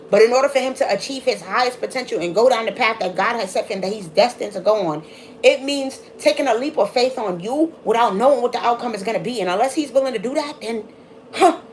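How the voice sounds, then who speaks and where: A woman giving live tarot readings, talking fast in a casual, chatty way. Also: a little high, slight background noise. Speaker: tarot reader.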